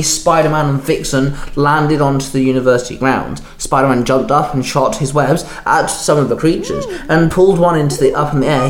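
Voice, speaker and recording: Man narrating a story in an echoey room. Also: medium pitch. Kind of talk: reading fan fiction aloud.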